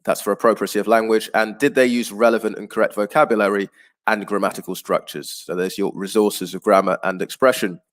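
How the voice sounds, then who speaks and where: Patient male teacher explaining slowly. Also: on the low side, steady tone. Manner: patient, explanatory, with frequent fillers. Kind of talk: online class lecture.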